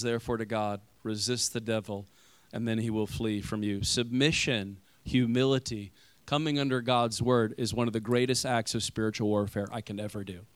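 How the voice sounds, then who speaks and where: A young male pastor giving a casual, animated sermon full of "you know" and "like", growing loud in stories and going quiet and slow in prayer. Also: mid-range voice, clear, resonant tone, no room sound. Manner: animated storytelling, rising loud when acting out arguments; drops soft and slow in prayer.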